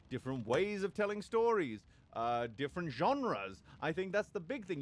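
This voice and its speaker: A man talking casually on a live stream, rambling and joking crudely, with many fillers and restarts. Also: high-pitched.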